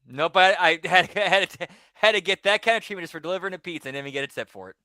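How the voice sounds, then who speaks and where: A man co-hosting a casual podcast, telling stories in a loose, rambling way. His voice is bright and slightly high, and it often trails off quietly. The recording is dry and close. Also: quick pace, no room sound. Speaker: podcast co-host. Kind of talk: casual storytelling chat.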